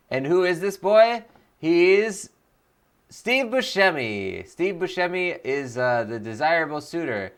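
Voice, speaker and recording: A man's voice: a little high, a bit bright. A man doing Elroy Elrond, a boastful old elf lord. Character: rambling pompous elf lord, old male. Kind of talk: comic improvised character voice.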